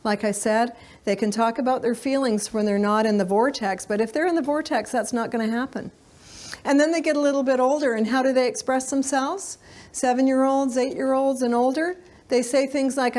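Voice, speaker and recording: A woman's voice: high-pitched, a little fast, darkish tone. A middle-aged woman giving a live parenting lecture to an audience, speaking conversationally with frequent fillers and sometimes acting out what children say.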